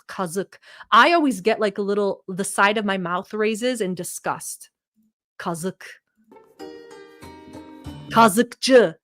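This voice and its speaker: A woman's voice: medium pitch, no room sound, clean studio sound. A young woman from the Middle East, English not her first language, giving a casual livestream language lesson in a bubbly, teasing way. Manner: bubbly, teasing, thanks chat often. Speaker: streamer teaching language.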